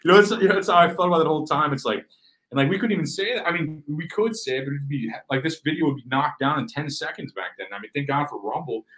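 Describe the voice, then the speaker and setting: A man chatting as a podcast guest, animated and swearing, acting out voices and often saying "bro". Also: fairly high pitch, quick pace, poor audio. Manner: animated, swears, acts out quoted voices, says "bro" a lot. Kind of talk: casual chat.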